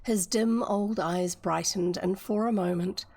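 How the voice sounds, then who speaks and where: A woman's voice: mid-range voice, steady tone, unhurried, darkish tone. A woman with a New Zealand accent, reading a classic book aloud on a livestream, adding chatty asides and stopping to explain words. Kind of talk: live-streamed book reading.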